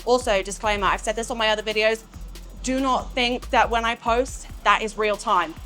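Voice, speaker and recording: A young English woman chats to camera at the gym in a loose, rambling vlog style. Her voice sits a little high and she swears without a second thought. Faint music plays in the background. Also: normal speed, a bit bright. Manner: chatty, swears casually, rambling asides. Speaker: fitness vlogger. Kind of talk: casual vlog chat to camera.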